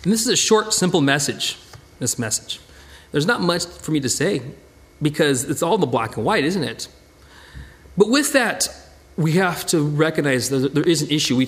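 Lively, animated male pastor. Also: fairly high pitch. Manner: animated, chatty, restarts and repeats words. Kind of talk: conversational sermon.

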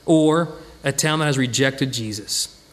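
A man leading an informal Bible study, talking conversationally with lively acted-out asides and frequent restarts. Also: mid-range voice, a little slow. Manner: conversational, animated, acts out quoted voices, many restarts.

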